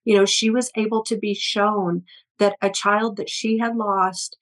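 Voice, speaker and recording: A woman speaking as an energy healer guest in an interview, her voice sitting at an ordinary middle pitch. She tells long stories in an earnest, flowing way, often restarting phrases and leaning on little fillers. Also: fairly even intonation, measured pace, fairly bright tone, rough recording. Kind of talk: conversational storytelling interview.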